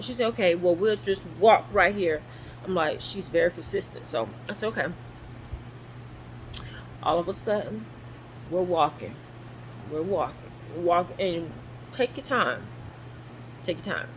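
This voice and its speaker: A woman telling her own story in a casual, animated way, acting out the voices of the people in it, while sore and recovering at home. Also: fairly low pitch, normal speed, long pauses, slight background noise, low-quality recording. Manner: animated, acts out quoted voices. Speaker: vlogger. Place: guest room at home.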